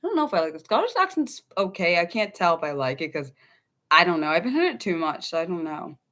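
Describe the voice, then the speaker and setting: A woman's voice: fairly low pitch, big pitch swings, fast talker, a bit bright. A young woman from the United States hosting an unscripted livestream, rambling casually to her chat with many ums and restarts. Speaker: livestream host.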